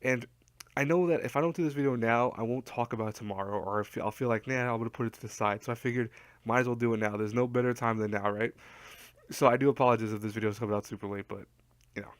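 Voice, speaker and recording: A man's voice: medium pitch, fast, dry recording. A tired young man with a voice worn from talking all day, rambling casually with lots of fillers as he gives advice in his vlog. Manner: rambling, self-deprecating, chatty with fillers. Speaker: YouTuber giving advice.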